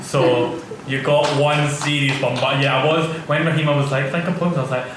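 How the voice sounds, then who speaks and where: A man's voice: on the high side, fairly quick. A man from Glasgow with a Glaswegian accent, a poet on a panel talking casually and animatedly. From Glasgow, Scotland. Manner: chatty, animated storytelling. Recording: echoey hall from far off, noise.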